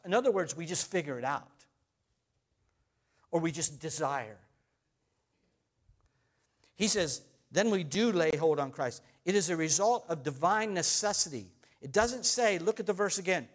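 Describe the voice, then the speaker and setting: A male preacher with a high voice delivers a sermon. He reads scripture aloud and hammers home his points by repeating key phrases with emphasis.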